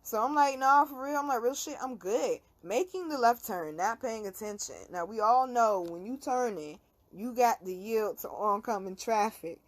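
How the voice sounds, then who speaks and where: Young woman, host, slangy profane storytelling, animated, fairly high voice. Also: moderate pace. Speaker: podcast host. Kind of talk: casual storytelling.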